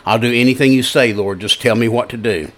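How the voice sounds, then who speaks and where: Guy doing a scared stammering dude stuck on a cliff, high and loud, begging for help. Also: fairly quick, close to an everyday voice. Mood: pleading. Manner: stammering, yelling frantically for help. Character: panicked man dangling from a cliff.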